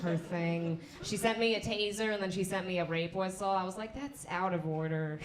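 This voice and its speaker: A young woman from the United States doing a stand-up set, telling stories in an animated, self-mocking way. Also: on the low side, moderate pace, echoey room, very noisy. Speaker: stand-up comedian.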